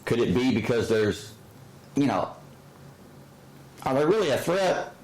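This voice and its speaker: A man's voice: mid-range voice, big pitch swings, a little slow, darkish tone, low-quality recording. A man hosting his own channel, giving a heated, sarcastic opinion monologue full of fillers and restarts. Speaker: channel host.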